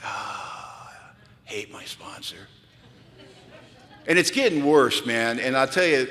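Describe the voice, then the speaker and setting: A man speaking at a recovery retreat, telling animated, self-mocking stories to a crowd. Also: mid-range voice. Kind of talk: storytelling talk at a retreat. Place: large event hall. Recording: long hall reverb from a large venue.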